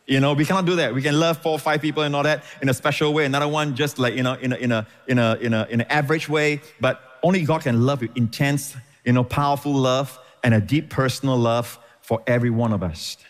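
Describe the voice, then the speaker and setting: A man's voice: mid-range voice, fast, hardly any pauses, big-room sound. A man preaching a sermon as pastor, emphatic and repeating phrases for stress.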